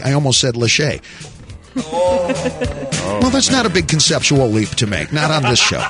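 A man's voice: fairly high pitch, big pitch swings, moderate pace, fairly bright tone, faint music behind. A man hosting a radio show in the studio, joking and rambling, laughing often. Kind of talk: casual radio chat.

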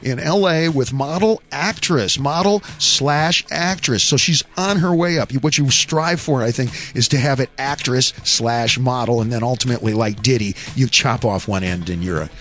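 A man hosting a morning radio show, joking and rambling with quick asides. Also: mid-range voice, a bit bright, soft background music. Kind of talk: casual morning radio banter.

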